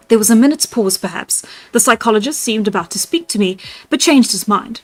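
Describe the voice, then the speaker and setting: A woman's voice: medium pitch, brisk, hardly any pauses, no echo. A woman reading a Victorian novella aloud on a live stream, chatting and laughing with her viewers between passages. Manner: laughs easily, chatty asides to chat.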